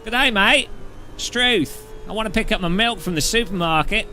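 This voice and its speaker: A man doing a deliberately exaggerated mock Australian accent, playing a brash Australian bloke in a comedy bit. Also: sits high, sharp tone, a little hiss or hum, pitched above the performer's own voice.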